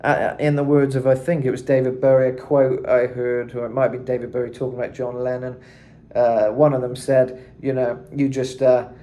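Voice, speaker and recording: A man's voice: medium pitch, completely flat delivery, moderate pace, warm tone. A man teaching singing in a loose, rambling way, full of "you know" and "kind of". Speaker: vocal coach. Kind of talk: casual singing tutorial.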